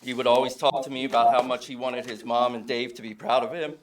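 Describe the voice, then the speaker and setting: Brief: middle-aged dad, mid-range voice, relaxed anecdotal eulogy, light chuckles. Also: male voice, medium pitch, fast. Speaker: father giving a eulogy. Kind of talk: informal memorial eulogy. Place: funeral home service.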